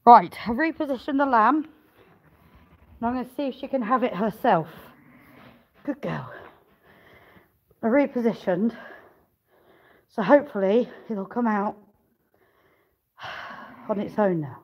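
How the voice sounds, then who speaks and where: A woman vlogging from a sheep pen, talking slowly and drawing her words out as she coaxes a ewe along. Her voice sits a little high, and the phone audio sounds slightly dull and lo-fi. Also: expressive. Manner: coaxing, talks to the sheep and viewers while working; effortful, sighing, swears while wrestling a sheep. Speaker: farmer vlogger. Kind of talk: on-camera farm vlog while lambing.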